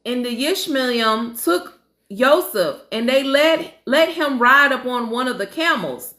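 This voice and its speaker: Slow high-voiced woman reading scripture. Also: expressive, bright, forceful tone, roomy sound. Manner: slow reading, stumbling over names, casual asides. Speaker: Bible study reader. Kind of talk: reading scripture aloud with commentary.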